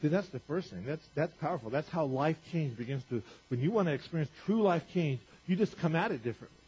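A male pastor preaching a sermon in a conversational way, repeating phrases and rising in pitch for emphasis. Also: expressive, fast, darkish tone, slightly rough. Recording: dull lo-fi recording.

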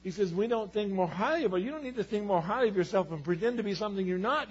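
A man's voice: sits high, animated, very fast, few pauses, breathy edge. A man preaching a sermon as pastor, earnest and building to emphatic repeated declarations. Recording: dull, lo-fi sermon recording.

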